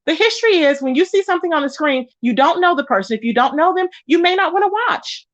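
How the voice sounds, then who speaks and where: Woman, high voice, casual livestream host, chatty, animated, dull lo-fi sound. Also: fast talker, few pauses, dry recording. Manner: chatty, greets viewers in the chat by name; animated, pitch jumps up when excited. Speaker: live-stream gossip host. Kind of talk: casual live-stream chat.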